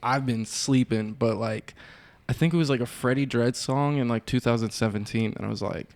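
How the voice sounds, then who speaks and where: A man's voice: mid-range voice, a little fast, creaky, darkish tone, dry recording. A man hosting a podcast, asking casual interview questions, cursing loosely and filling with "like". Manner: casual, swears freely, fills with "like". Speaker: podcast host.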